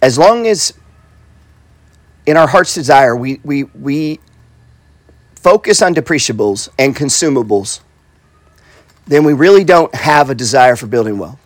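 A man's voice: medium pitch, expressive, a little slow, long pauses, no room sound. Blunt, swearing man talking money. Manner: blunt, profane, repeats himself, says "right?" and "bro". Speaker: real estate investor and coach. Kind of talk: casual motivational talk.

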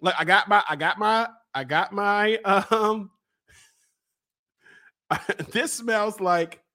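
Man from Baltimore, high voice, bright tone, playful casual vlog host, laughs often. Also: slow. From Baltimore, USA. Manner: lively, exclamatory. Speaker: podcast host. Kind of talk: casual solo vlog chat.

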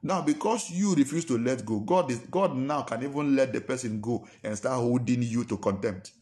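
A man's voice: mid-range voice, normal speed, darkish tone. Emphatic male preacher. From Nigeria. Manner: emphatic, fires rhetorical questions, acts out quarrels in a raised voice. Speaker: pastor. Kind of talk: sermon.

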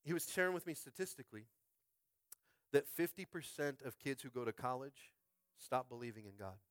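A small-church pastor preaches a fervent sermon in a school space used as a church, moving from quiet, reflective musing to shouted climaxes and calling out to his congregation. His middle-pitched voice is lively, fairly quick and smooth, recorded close and dry with no echo.

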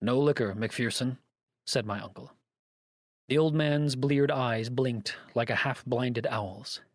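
Male audiobook narrator, measured delivery, husky, dry close sound. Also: mid-range voice, steady tone, no echo. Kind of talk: scripted narration of a story.

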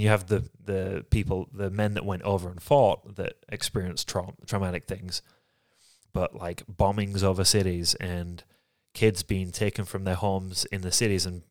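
Deep-voiced reflective man. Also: little pitch movement, no echo, clean studio sound. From England. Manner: reflective, halting, soft-spoken. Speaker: podcast co-host. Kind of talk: candid personal conversation.

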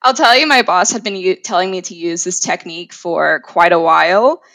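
A woman's voice: on the low side, moderate pace, bright, forceful tone, no room sound, rough recording. A woman in sales, a guest on an interview, talking chattily and filling her speech with "like" and "you know". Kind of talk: conversational interview.

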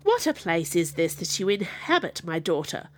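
A woman voicing a sorrowful, gentle older mother who speaks mournfully. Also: fairly low pitch, big pitch swings, moderate pace.

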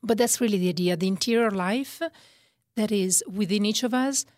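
Italian-accented sister on the radio. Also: female voice, medium pitch, moderate pace, a little mellow, no echo, studio quality. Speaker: religious sister, radio guest. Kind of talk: radio talk on faith.

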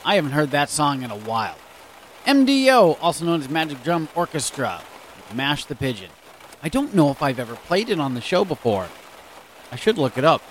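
A male radio host with a fairly high voice that swings widely in pitch. He reads odd news items in a loose, chatty way and comments freely. Rain sounds softly somewhere behind him. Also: fairly quick, a little hiss or hum. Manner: chatty, expressive, reacts aloud. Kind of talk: casual reading of weird news stories.

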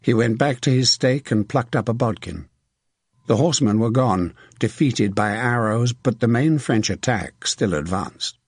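A man reading a historical novel aloud as narrator, in steady, measured storytelling. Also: medium pitch, husky, no room sound, clean studio sound. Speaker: audiobook narrator. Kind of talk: scripted narration.

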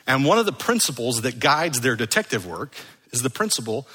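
A man's voice: mid-range voice, very animated, fairly quick, pushed and bright, husky, in a large hall. A man preaching an earnest, conversational sermon that is full of rhetorical questions. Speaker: pastor.

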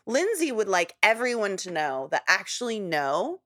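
A woman's voice: medium pitch, sing-song, moderate pace, a bit bright. A woman co-hosting a podcast, chatting casually about a reality show and laughing often. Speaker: podcast co-host.

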